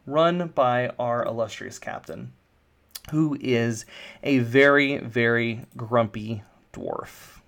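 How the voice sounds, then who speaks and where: A man's voice: mid-range voice, slow pace, creaky, a bit bright. Guy running a tabletop game, chill and rambly, lots of ums. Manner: casual, rambling with many fillers. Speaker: game master.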